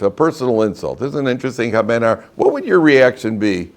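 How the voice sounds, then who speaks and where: A male rabbi leads a relaxed Torah class in a classroom. His voice swings widely up and down as he asks the students questions and slips in joking asides. His pitch sits mid-range for a man. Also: brisk.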